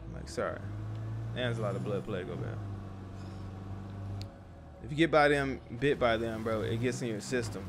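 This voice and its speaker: Fairly low-pitched and fairly quick, with long pauses, a young father comments casually on a survival game he's playing for YouTube. There's background noise as he curses and talks to himself and the characters.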